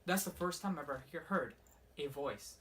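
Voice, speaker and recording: A young man casually rambling through a personal ghost story for his vlog, swearing often and filling every pause with "like". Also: fairly high pitch, expressive, a bit bright. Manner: rambling, profane, heavy use of "like". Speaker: vlogger. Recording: slightly distant mic with faint room noise.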